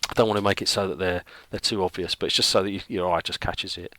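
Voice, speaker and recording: A man's voice: deep voice, fairly even intonation, fast talker, bright, forceful tone, a little hiss or hum. A middle-aged man who chats casually while drawing, rambling and thinking aloud with lots of fillers. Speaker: illustrator.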